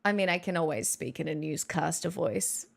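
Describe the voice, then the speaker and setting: A young woman live streams from her desk in a low voice with vocal fry, talking at a normal speed. She rambles casually, mocks herself, and swears freely into a good studio mic.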